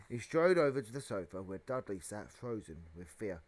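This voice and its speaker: A man reading a children's novel aloud as narration, with a dramatic, expressive delivery. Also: on the low side, moderate pace, few pauses. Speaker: audiobook reader. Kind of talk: storybook narration.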